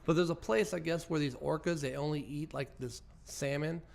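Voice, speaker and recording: A man's voice: fairly high pitch, normal speed, creaky. Profane, rowdy male podcast host. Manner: loud, profane storytelling, laughs often. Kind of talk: crude comedy podcast chat.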